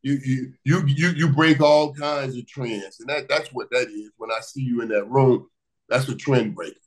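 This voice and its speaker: A man from Miami telling stories in casual conversation as a guest, lively and quick to repeat words. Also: mid-range voice, poor audio. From Miami, USA. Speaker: guest, former pro football receiver. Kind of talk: animated storytelling in casual conversation.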